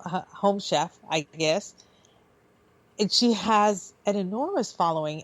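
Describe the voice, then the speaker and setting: A woman with a fairly low voice chats casually as a talk show co-host. She tells stories in a rambling, laughing way. The sound is dry and close. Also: darkish tone, no room sound. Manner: chatty, laughing storyteller. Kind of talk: casual chat.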